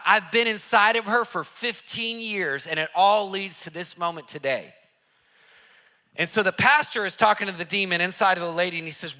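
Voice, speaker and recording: A man preaching through a personal story in casual slang, acting out the voices of the people in it and repeating lines for emphasis. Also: sits high. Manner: excited, acts out quoted voices, repeats phrases for emphasis; casual slang, addresses listeners directly. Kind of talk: animated testimony storytelling.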